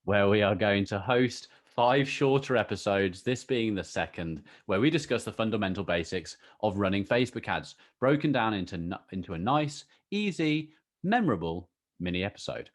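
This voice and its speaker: A man's voice: fairly low pitch, moderate pace. A man hosting a podcast in casual, teasing chat. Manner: playful, teasing, animated. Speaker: podcast host.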